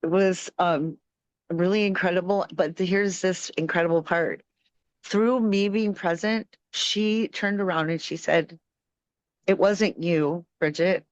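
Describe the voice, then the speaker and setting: A woman's voice: lowish voice, fairly even intonation, unhurried, no room sound, dull audio. Earnest woman rambling through a personal story. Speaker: participant. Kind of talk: personal sharing on a video call.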